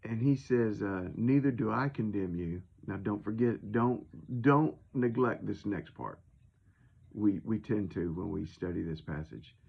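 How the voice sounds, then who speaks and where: Male preacher, husky and gravelly, folksy and conversational. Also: lowish voice, lively intonation, unhurried, phone-quality sound. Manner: folksy, conversational, retells scripture in his own words. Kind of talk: informal sermon.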